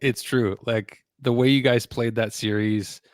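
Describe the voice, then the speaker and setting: A man's voice: medium pitch, fairly even intonation, unhurried, dry recording. Male hockey podcast host; rambles through questions, dry close sound. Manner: chatty, rambling questions with fillers. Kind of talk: casual interview questions.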